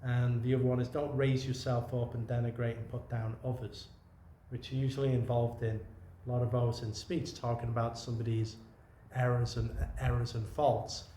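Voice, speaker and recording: A man's voice: medium pitch, level tone, moderate pace, slight background noise. A man giving an informal dharma talk as a Zen teacher, meandering and conversational, often restarting his sentences. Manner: meandering, conversational, many restarts and soft asides. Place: meditation retreat room. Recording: roomy echo with faint ambience.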